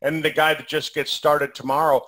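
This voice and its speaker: A man co-hosting a casual question-and-answer chat, talking in a relaxed, rambling way with many fillers and restarts. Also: fairly high pitch, normal speed. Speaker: co-host of a compensation plan Q&A. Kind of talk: casual conversational Q&A.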